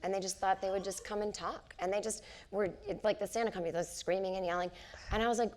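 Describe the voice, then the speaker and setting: A woman's voice: mid-range voice, fast. A woman in her forties, a comedian chatting onstage and telling stories, acting out the people in them. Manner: animated storyteller, acts out quoted people. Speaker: comedian and author, interview guest. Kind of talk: casual onstage conversation, storytelling. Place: theater stage before a live audience.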